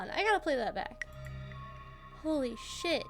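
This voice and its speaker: Excitable high-voiced woman gamer. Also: normal speed, long pauses. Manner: excitable, swearing, laughing outbursts. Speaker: gaming streamer. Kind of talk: playing a narrative game aloud. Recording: game music under the voice. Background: game music.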